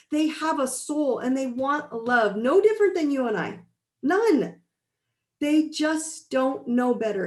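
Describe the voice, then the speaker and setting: A woman's voice: a little high, a little mellow, echoey room. A middle-aged woman life coach giving a blunt, emphatic motivational talk on a live stream.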